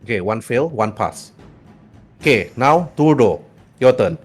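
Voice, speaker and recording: A man in the game master's seat, calling rolls and narrating the scene in a brisk, plain voice. His pitch sits in the middle, and faint music plays behind him. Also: animated, slightly rough. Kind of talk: running a tabletop game.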